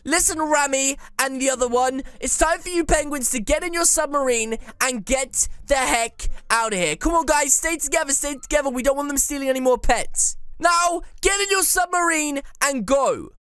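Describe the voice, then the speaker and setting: A woman hosting gameplay commentary, animated and playfully bossy, with teasing insults. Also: high voice, fairly quick, few pauses, no room sound. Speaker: YouTube gameplay host. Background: faint music.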